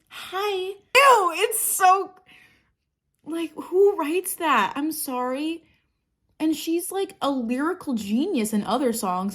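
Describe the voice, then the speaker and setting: Chatty, sarcastic woman vlogger. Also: medium pitch. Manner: chatty, rambling, sarcastic, swears freely. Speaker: makeup vlogger. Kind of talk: casual get-ready-with-me chat.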